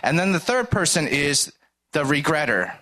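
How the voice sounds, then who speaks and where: A man's voice: fairly high pitch, very animated, normal speed, sharp tone. A man giving a sermon in a casual, conversational way, often asking "right?" and acting out little dialogues. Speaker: preacher. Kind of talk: sermon with everyday stories.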